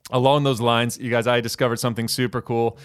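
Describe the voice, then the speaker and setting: A man's voice: mid-range voice, little pitch movement, fast talker, smooth. A man speaking casually to a church audience, chatty and good-humored, often saying "you guys".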